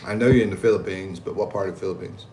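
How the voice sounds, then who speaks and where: Slight background noise sits under this low, rapid-fire voice. He's an American livestreamer at home in the Philippines who laughs easily, voices chat messages with animation and responds in a laid-back manner.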